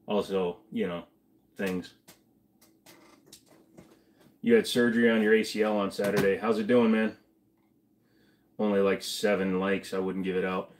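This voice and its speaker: A man's voice: fairly low pitch, fairly even intonation, measured pace, long pauses, slight background noise. A man hosting a casual livestream, reading chat aloud and answering viewers while feeling sick to his stomach. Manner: chatty, reads chat aloud, mumbles asides. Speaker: livestream host.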